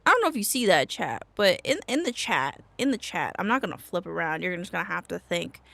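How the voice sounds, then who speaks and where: A woman streaming a video game live, excitable and quick to swear, jumping from yelps to low muttering as she plays and thanks her chat. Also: vocal fry, no echo.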